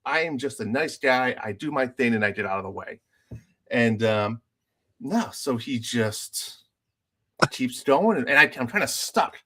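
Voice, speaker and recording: A man co-hosting a casual podcast, telling lively gaming stories and acting out the other players' lines. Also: medium pitch, measured pace. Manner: animated storyteller, acts out other players' lines. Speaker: podcast co-host.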